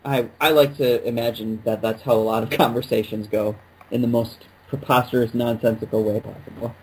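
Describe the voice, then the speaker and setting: A man's voice: mid-range voice, little pitch movement, a little fast, slight background noise, low-quality recording. A man co-hosting a podcast, chatting casually in a jokey, rambling way. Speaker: podcast co-host. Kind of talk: casual chat.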